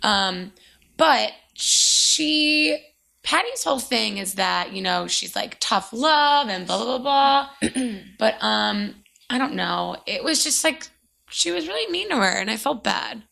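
A young woman co-hosting a podcast, rambling and gushing with plenty of fillers. Her tone is bright and sharp, and heavy vocal fry creaks through her phrases. It sounds like relaxed chat between friends. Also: fairly high pitch, slow pace. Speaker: podcast co-host. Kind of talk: casual chat.

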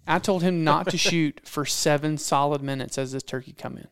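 Animated storytelling man, dry close sound. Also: a little high, normal speed, few pauses, clear, resonant tone, dry recording. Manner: animated, acts out quotes, repeats phrases for effect. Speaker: podcast guest storyteller, hunting videographer. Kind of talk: casual storytelling.

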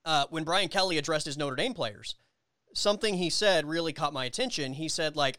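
A man's voice: a little high, lively intonation, a little fast, pushed and bright, no echo. A man co-hosting a podcast, chatting casually about college football and building long arguments with many restarts. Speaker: podcast co-host. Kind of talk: casual sports chat.

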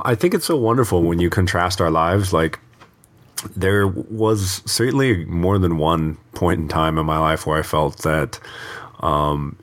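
A man's voice: very deep voice, a bit bright. A man co-hosting a podcast, talking in a reflective, self-deprecating way. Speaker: podcast co-host. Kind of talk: casual chat.

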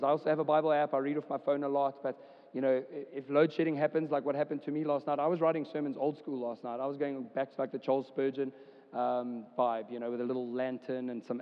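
A man's voice: medium pitch, fairly even intonation, a little fast. A man, preaching a casual, chatty sermon as a church pastor, with many fillers. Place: church hall. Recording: dull sound with long hall reverb.

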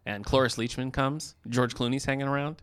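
A man's voice: medium pitch, fairly even intonation, a bit bright, clean tone, no room sound. A man co-hosting a podcast in casual chat, reading book blurbs aloud and teasing his co-host with wry asides. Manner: wry, teasing, slips into quick silly impressions.

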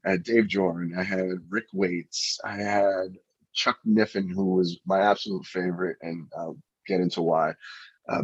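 A middle-aged man, a pitching coach, chatting in an interview and telling anecdotes with frequent restarts. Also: slightly rough, dry recording. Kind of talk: interview storytelling. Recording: dull lo-fi recording.

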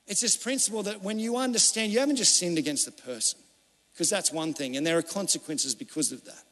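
A man delivering a sermon, his voice pitched fairly high for a man. He moves between fervent, urgent appeals and quiet, intimate pleading. The sound rings out with the long echo of a large church hall. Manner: impassioned preaching, swinging from urgent cries to hushed pleading. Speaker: pastor.

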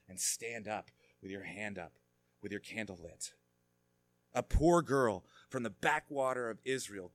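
A man preaching a sermon, moving between quiet reflection and fervent, rising emphasis. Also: mid-range voice, dry recording. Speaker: pastor.

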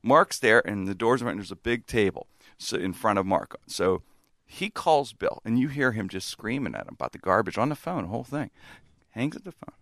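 Animated man telling a story. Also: fairly low pitch, brisk, dry recording, clean studio sound. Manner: animated, laughs a lot, acts out quotes. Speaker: storyteller in a chat. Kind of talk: casual chat, anecdote.

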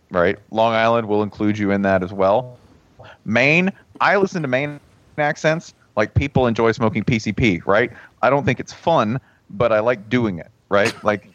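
A man's voice: a bit bright, no room sound. A man co-hosting a podcast, chatting casually and animatedly, often slipping into exaggerated accent impressions. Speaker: podcast co-host. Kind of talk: casual comedic chat. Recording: dry, dull low-fidelity podcast audio.

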